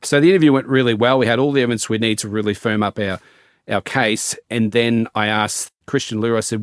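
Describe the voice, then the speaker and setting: Man, middle-aged, former detective, measured retelling, fillers and restarts, low voice. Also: steady tone, no room sound, clean studio sound. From Australia. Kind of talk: recounting a case in an interview.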